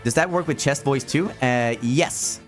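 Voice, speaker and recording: A man's voice: medium pitch, unhurried, faint music behind. A man streaming from home, casually chatting, reading chat aloud and laughing often. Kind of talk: casual chat while gaming.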